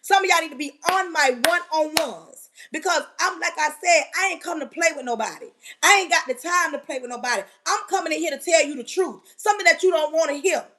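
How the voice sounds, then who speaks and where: A woman with a very high voice delivers a fervent motivational talk on a live stream. She preaches at her listeners, drives the same phrase home again and again, and often breaks into a yell. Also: fast.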